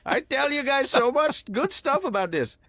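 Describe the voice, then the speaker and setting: A man putting on a high chatty Indian-accented guy. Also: very animated, normal speed, pushed and bright, no room sound, studio quality, full character voice. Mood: playful. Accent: Indian (put on).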